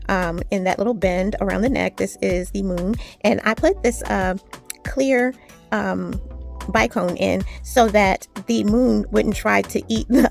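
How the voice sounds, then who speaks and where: A woman chatting casually while she strings beads, telling a long story with lively retellings. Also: mid-range voice, creaky. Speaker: jewelry-making vlogger. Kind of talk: casual chat while beading.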